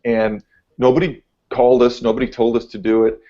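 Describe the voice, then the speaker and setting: A laid-back man, a TV meteorologist, telling a story on a podcast, getting animated as he goes. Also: mid-range voice, fairly quick. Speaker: TV meteorologist guest. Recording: dull lo-fi audio.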